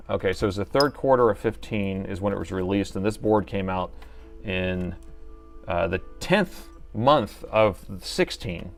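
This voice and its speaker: A man's voice: lowish voice, measured pace, gravelly, soft background music. A middle-aged man hosting a live repair stream, chatting and thinking aloud as he works and joking with his viewers. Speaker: host and laptop repair technician.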